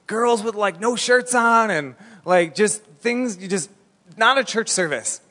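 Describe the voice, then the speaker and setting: A fairly high-voiced man preaches in an animated, storytelling way, full of casual "like"s. His voice carries with a long reverb through a large church hall. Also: measured pace. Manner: animated storytelling, colloquial with many "like"s. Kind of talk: sermon.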